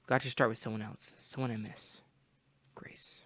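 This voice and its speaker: A young man reading a game story aloud and breaking off into profane, loud comments. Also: fairly low pitch, level tone, normal speed, no echo, whispered. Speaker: gamer reading a visual novel aloud.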